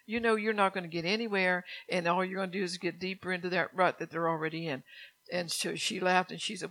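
A woman's voice: on the low side, fairly even intonation, fast talker, fairly bright tone, rough recording. A middle-aged woman preaching a sermon in church, chatty, asking the congregation questions and laughing often.

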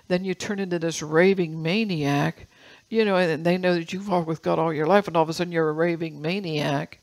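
An older woman pastor preaching a sermon, reading scripture slowly and telling personal stories with laughs. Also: lowish voice, vocal fry, darkish tone, rough recording.

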